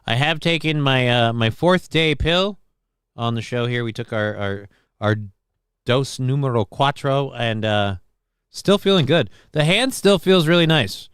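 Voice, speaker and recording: A man hosting a live call-in stream, reading out chat comments with dry deadpan humor, rambling and swearing casually. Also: medium pitch, a little slow, clean tone, dry recording. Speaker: livestream host reading chat.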